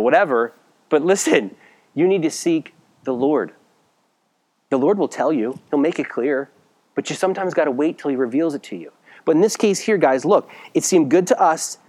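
A middle-aged man preaching a sermon as pastor, talking conversationally with rhetorical questions and dropping into a low, serious voice at times. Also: darkish tone.

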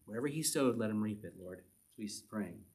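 A man teaching verse by verse from the Bible, reading passages aloud and then explaining them in a relaxed, conversational way. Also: lowish voice, fairly quick, breathy edge. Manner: reads scripture then explains it conversationally, with little chuckles.

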